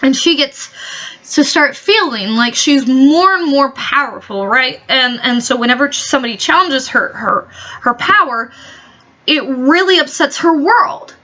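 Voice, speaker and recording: Woman vlogger, high sharp voice, profane sarcastic rant, dull lo-fi audio. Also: lively intonation, a little slow. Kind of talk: ranting commentary vlog. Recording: dull lo-fi recording.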